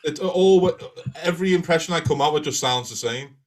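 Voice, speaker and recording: A man's voice: on the high side, a little fast, low-quality recording. A man with a Scouse accent co-hosting a live panel podcast, telling stories in a laughing, self-deprecating way. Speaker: podcast co-host. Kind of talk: casual panel chat.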